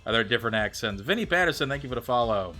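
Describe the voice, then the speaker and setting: A man's voice: mid-range voice, animated, very fast, bright, forceful tone, faint music behind. A man from the United States streaming a game live, chatting casually and answering his viewers' messages. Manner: chatty, thinks aloud, reads out and answers chat. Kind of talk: casual chat with viewers while gaming.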